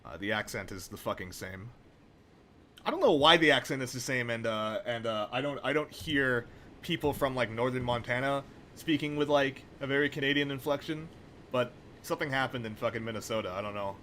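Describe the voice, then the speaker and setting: A young man talks over a train simulator stream in loose, casual commentary. He wanders off on profane tangents with wry asides. His voice sits at an ordinary middle pitch. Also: a little fast, sharp tone, a little hiss or hum.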